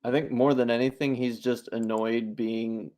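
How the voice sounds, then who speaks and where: A man's voice: mid-range voice, flat delivery, moderate pace, mellow. A man co-hosting a podcast, sarcastic and profane, picking apart a video's claims. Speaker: podcast co-host. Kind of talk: casual critique chat.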